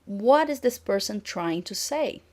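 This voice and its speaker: A middle-aged woman lecturing on intonation. She speaks clearly and at a measured pitch, and she acts out example sentences as she teaches. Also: expressive, a little mellow.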